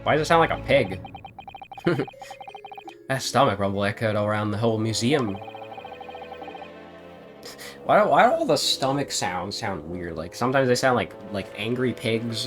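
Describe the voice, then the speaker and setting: A man's voice: mid-range voice, expressive, measured pace, long pauses, over music. A man giving amused, laughing commentary while streaming a game. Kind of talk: let's play commentary.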